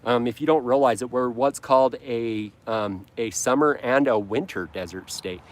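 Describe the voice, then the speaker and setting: A man's voice: medium pitch, normal speed. A man from Utah hosting a casual lawn care livestream, rambling and correcting himself as he reads viewer comments with a joking tone. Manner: rambling, self-correcting, jokey.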